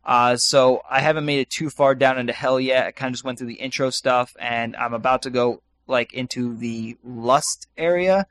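A man's voice: mid-range voice, moderate pace, hardly any pauses, a bit bright, no echo. A man co-hosting a podcast, chatting casually and rambling with many fillers and restarts. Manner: rambling, lots of ums and restarts. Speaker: podcast co-host. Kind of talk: casual chat.

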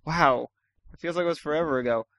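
A man chatting from home as a podcast co-host, laid-back and quick to laugh. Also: a little high, a bit bright. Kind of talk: casual chat.

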